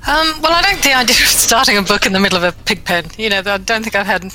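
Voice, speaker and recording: A panelist talks quickly in a very bright, sharp voice, giving feedback on a story. They think aloud with frequent restarts. Faint background noise sits behind the voice. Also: mid-range voice, low-quality recording. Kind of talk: casual chat.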